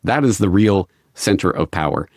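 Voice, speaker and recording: Middle-aged guy, lowish voice, measured talk, restarts a lot, dead dry mic. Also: animated, darkish tone, dry recording. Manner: measured, restarts phrases, occasional dry laugh. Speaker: interview guest. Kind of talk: conversational interview answers.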